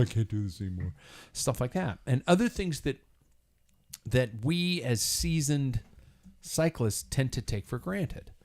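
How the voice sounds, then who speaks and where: A man's voice: medium pitch, a little mellow, smooth. A man hosting a live podcast in a bar, chatting casually, rambling and swearing freely. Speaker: podcast host.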